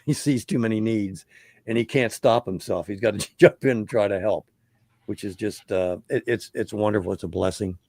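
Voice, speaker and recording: A man hosting a talk show, chatting casually, often repeating words and pausing with ums. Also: on the low side, a little mellow, dry recording, clean studio sound. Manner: halting, repeats words, fills pauses with um. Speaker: radio show host.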